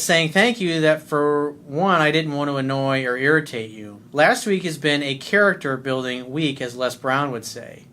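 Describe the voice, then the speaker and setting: A man talking as a life coach in a casual monologue, loud, blunt and full of swearing, smiling as he speaks. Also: fairly high pitch. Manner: blunt and profane.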